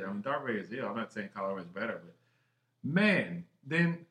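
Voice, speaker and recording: A man co-hosting a podcast, chatting excitedly with lots of swearing, jumping from one thought to the next. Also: fairly low pitch, a little fast. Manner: excitable, heavy swearing, jumps between thoughts. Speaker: podcast co-host. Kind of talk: casual chat. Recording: roomy echo.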